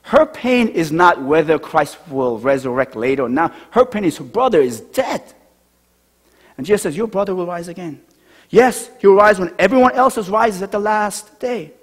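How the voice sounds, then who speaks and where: A man preaching a sermon as pastor, talking conversationally and dropping to a hush on key lines. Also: high voice, animated, normal speed. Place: church sanctuary. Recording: church hall reverb.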